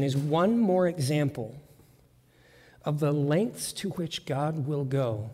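A man's voice: on the high side, mellow. A man preaching a sermon as pastor, in an emphatic, conversational way with lots of repetition. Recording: long church reverb.

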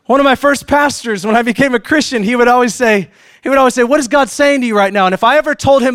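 A male pastor delivering a sermon in a notably high voice. He preaches with animation, acting out little question-and-answer exchanges. He swings from loud emphatic peaks to soft, hushed asides. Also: quick pace.

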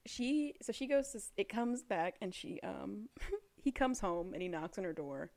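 A woman in a relaxed podcast chat, retelling a story at an everyday pitch. She slips into the characters' lines without fully acting them and laughs often. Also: moderate pace. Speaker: podcast co-host recapping a book. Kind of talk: casual chat.

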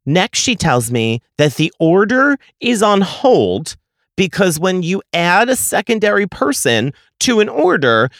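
A man hosting a podcast, telling a story as an exasperated, profane rant that swings from low muttering to loud outbursts. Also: sing-song, a little slow, no echo, clean studio sound. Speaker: podcast host. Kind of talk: ranting storytelling.

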